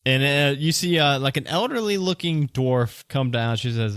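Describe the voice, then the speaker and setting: A man's voice: medium pitch, lively intonation, fairly bright tone, smooth, no echo, clean studio sound. Chatty man hosting a tabletop podcast. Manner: chatty, with frequent fillers and quick asides. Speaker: dungeon master and podcast host. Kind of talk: casual sponsor read and game narration.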